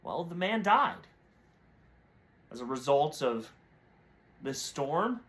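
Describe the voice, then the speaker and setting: Male preacher, high bright voice, storytelling devotional talk. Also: big pitch swings, slow pace. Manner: storytelling with brief voiced characters. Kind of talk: short devotional sermon with a told story.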